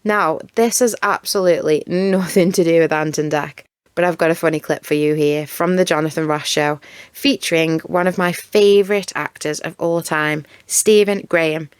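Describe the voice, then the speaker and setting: A woman's voice: sits low, fairly even intonation, moderate pace, clear, resonant tone, no echo. Giggly chatty woman with a Stoke accent. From Stoke-on-Trent, England. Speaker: documentary narrator. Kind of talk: casual narration.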